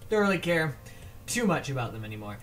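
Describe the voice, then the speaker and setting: A man's voice: a little high, big pitch swings, quick pace, a bit bright. A man casting a video game match alone, in a casual, rambling way, often stumbling over player names. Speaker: esports shoutcaster. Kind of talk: solo video game commentary.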